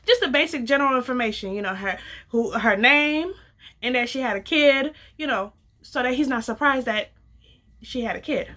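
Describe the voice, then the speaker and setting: A young adult woman casually telling a personal story, acting out the dialogue with lively slang. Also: on the high side. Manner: animated, acts out quoted dialogue, casual slang.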